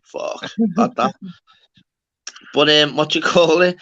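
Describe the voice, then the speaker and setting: A man's voice: high-pitched, moderate pace, pushed and bright. A man hosting a casual livestream chat, brash and sweary, calling everyone "lad". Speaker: livestream host.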